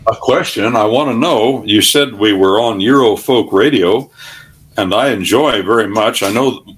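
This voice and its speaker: A man's voice: fairly low pitch, normal speed, a bit bright, slightly rough. Folksy older man preaching on talk radio. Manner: folksy, preachy, rambling anecdotes. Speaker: radio show guest.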